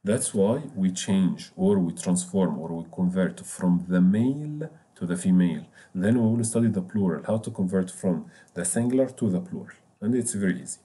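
A man with Arabic as his first language, teaching a French lesson for newcomers in English, patient and repetitive, spelling words out slowly. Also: sits low, expressive, mellow.

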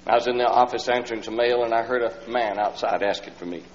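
A man's voice: mid-range voice, quick pace. A man preaching a sermon, telling a story in a folksy way and acting out the voices of the people in it. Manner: folksy storyteller who acts out the people in his story, rising to loud pleading. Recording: old LP sermon with hall reverb, dull lo-fi sound and faint hum.

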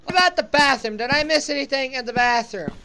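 A woman's voice: high-pitched, expressive, fast, gravelly, sharp tone, slight background noise. A woman giving casual, sarcastic commentary while playing a horror game, joking and talking back to the game. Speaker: let's play gamer.

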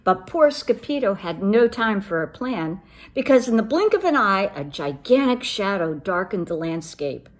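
A woman reading a children's picture book aloud as storyteller, expressive and animated. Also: mid-range voice, moderate pace.

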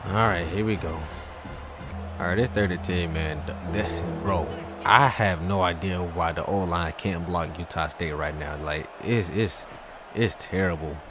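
A man giving live commentary over his own gameplay as a YouTuber, ranting in exasperation and swinging between muttering and shouting. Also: deep voice, unhurried, music in the background. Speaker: gaming YouTuber.

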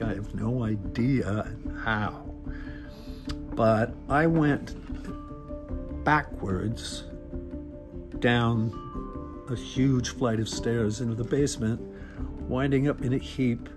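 Wry middle-aged man telling a story. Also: mid-range voice. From Northern Ontario. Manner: wry, self-deprecating, conversational. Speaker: radio host telling a personal story. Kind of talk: casual storytelling. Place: recorded on a phone. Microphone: phone.

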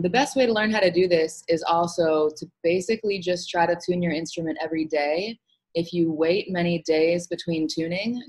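A woman music teacher giving an online lesson, explaining calmly with frequent "um" fillers. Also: lowish voice, rough recording. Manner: relaxed explaining with many fillers.

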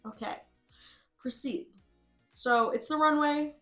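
A woman's voice: high-pitched, slow, fairly bright tone, soft background music. A woman giving casual, chatty commentary over a game, laughing often and swearing freely. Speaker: host.

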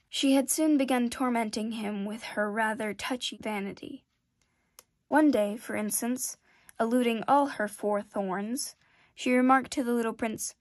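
A woman reading a classic children's novel aloud in a gentle, measured storytelling manner. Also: fairly high pitch, dry recording. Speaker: storybook reader.

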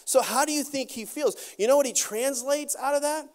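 A man preaching a sermon as pastor, animated, acting out quotes and adding quick asides. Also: extremely high pitch.

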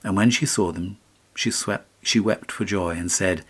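A man with a fairly low voice narrating a fairy tale in a measured, steady manner. Scripted audiobook reading with a clear storytelling pace.

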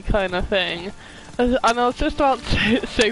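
A young streamer chatting and telling rambling stories while playing a game, laughing often and yelling at it when things go wrong. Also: medium pitch, animated, moderate pace, low-quality recording. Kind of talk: live gameplay chat.

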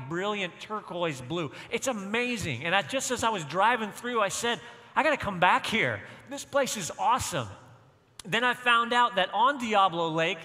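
A man's voice: sits high, sharp tone, big-room sound. A man pastor preaching a sermon, telling a personal story and driving points home with emphatic repetition. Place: church.

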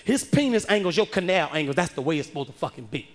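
Male stand-up comic, high voice, loud animated storytelling, club stage mic. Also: fast. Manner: loud animated storytelling, acting out the people he quotes. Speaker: stand-up comedian. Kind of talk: stand-up comedy routine.

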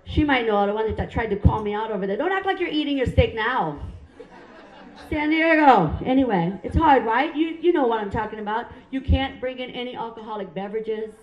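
A woman's voice: a little high, a little fast, hardly any pauses, muffled recording. A middle-aged woman from Hawaii, doing stand-up comedy on a club stage, punchy and self-mocking as she chats with the crowd. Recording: roomy club sound.

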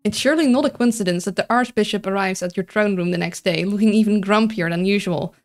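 A woman's voice: mid-range voice, fast. A woman hosting a live stream, chatting casually and reading game events aloud with frequent laughter. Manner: giggly, reads story text aloud.

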